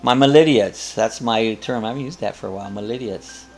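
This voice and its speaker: A man's voice: lowish voice, brisk, faint music behind. An older man hosting a casual live chat, rambling and chuckling as he reads viewer comments aloud. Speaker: host of a live coffee chat.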